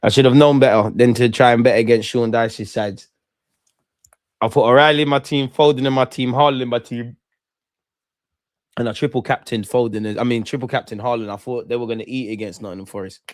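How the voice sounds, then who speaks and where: A man's voice: mid-range voice, fairly even intonation, a little fast. A man hosting a live football watch-along stream, chatting loosely and bantering with his viewers in slangy speech.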